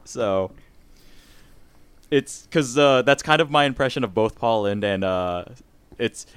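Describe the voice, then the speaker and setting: A man's voice: medium pitch, expressive, measured pace, clean tone, no room sound. A man co-hosting a podcast in casual chat, rambling and laughing often. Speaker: podcast co-host.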